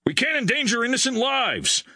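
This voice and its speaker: A man's voice: very high-pitched, sing-song, normal speed, bright, forceful tone, no room sound, clean studio sound, voice pushed up, full character voice. A man voicing a grim, seasoned male military helicopter pilot with a clipped, commanding delivery.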